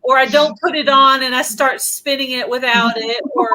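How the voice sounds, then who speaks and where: A woman's voice: sits high, fairly even intonation, moderate pace, pushed and bright, low-quality recording. A middle-aged woman hosting a casual live-stream interview, chatty and prone to giggling as she tells stories. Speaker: host.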